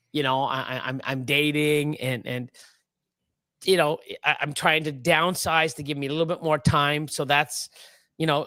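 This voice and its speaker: A man's voice: fairly high pitch, pushed and bright, no room sound, clean studio sound. A man in his fifties chatting casually as a livestream host, rambling and swearing, often laughing. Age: 50s. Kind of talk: casual chat.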